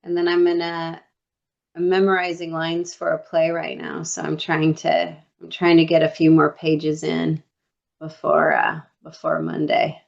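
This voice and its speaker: A woman co-hosting a podcast in casual chat, telling lively stories and acting out what people said. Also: low-pitched, a little slow, vocal fry. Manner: lively storyteller who acts out quotes. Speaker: podcast co-host. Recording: dull lo-fi recording.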